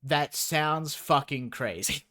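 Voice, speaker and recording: Slow-talking, swearing male streamer. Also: fairly high pitch, sharp tone. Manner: incredulous, profane, sarcastic asides. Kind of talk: reading a story aloud on stream with commentary.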